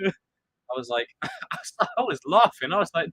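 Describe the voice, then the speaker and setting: A man hosting a live stream, chatting casually and excitably about a TV show and acting out quotes. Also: fairly high pitch, moderate pace, long pauses, no echo. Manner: animated, excitable, acts out quotes.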